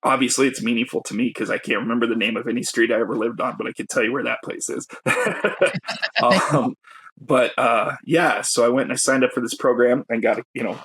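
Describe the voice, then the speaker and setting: Guy with a husky voice, telling his story, reflective and emotional, pitch right in the middle. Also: fairly quick, fairly bright tone. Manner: reflective, openly emotional, laughs self-consciously. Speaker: guest, poet and educator. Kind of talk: candid personal storytelling.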